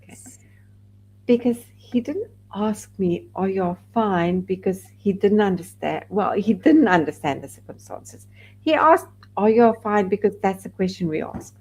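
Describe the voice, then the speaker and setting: A woman's voice: mid-range voice, moderate pace, slight background noise, poor audio. A woman from South Africa, a podcast guest, candidly telling a personal story and acting out the people she quotes. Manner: candid, animated when quoting others.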